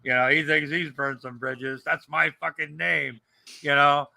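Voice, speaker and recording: A man's voice: on the high side, steady tone, a little slow, gravelly, pushed and bright. An older man co-hosting a casual livestream chat, joking, rambling and swearing freely. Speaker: co-host.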